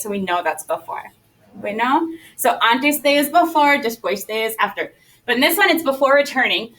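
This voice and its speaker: A woman's voice: fairly high pitch, a bit bright, recorded from a distance, low-quality recording. A woman teaching a Spanish class, upbeat and coaxing as she leads the students through repetition drills. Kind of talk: classroom lesson.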